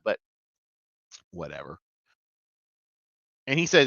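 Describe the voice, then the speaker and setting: Excitable, profane man ranting a review. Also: on the high side, takes it slowly, vocal fry, long pauses, no room sound, muffled recording. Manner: excitable, profane, jumps between shouting and muttering. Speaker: TV show reviewer. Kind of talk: casual video review rant.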